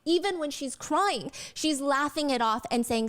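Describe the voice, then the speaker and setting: Expressive woman storyteller, fairly high voice. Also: normal speed. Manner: acts out quotes in lively voices; explains cultural context to viewers. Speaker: true crime storyteller. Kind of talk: storytelling narration.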